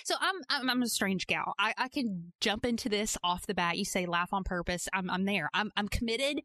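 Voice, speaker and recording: A woman's voice: medium pitch, normal speed, pushed and bright, no room sound, clean studio sound. A woman from Georgia in the US hosting a casual interview. She tells stories in a playful, self-mocking way. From Georgia, USA. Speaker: podcast host.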